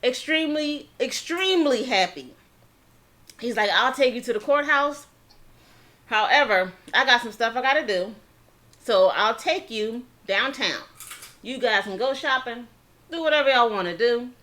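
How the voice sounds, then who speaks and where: A woman's voice: fairly high pitch, pushed and bright. Chatty woman telling a story between bites. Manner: chatty, acts out quoted dialogue; pauses to spell out words. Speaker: channel host telling a history story. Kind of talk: casual story time while eating.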